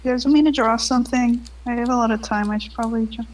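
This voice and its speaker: A woman's voice: on the high side, fairly even intonation, fast, a little mellow, poor audio. Playful woman teasing her game group. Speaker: tabletop game player. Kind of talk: casual chat after a game session.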